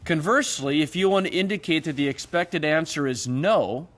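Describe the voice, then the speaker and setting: Guy teaching greek grammar, slightly high voice, patient and explaining, pitches up for quoted questions. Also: normal speed, fairly bright tone. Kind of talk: recorded classroom lecture.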